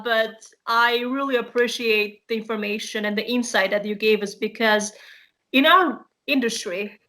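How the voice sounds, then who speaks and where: Woman, somewhat high voice, interviewer, earnest, appreciative, casual interview. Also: bright, forceful tone.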